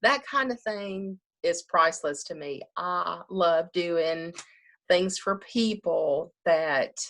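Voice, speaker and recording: A woman's voice: on the low side, slow pace, fairly bright tone. A woman funeral director talking casually in an interview, chatty, often laughing and acting out what people say.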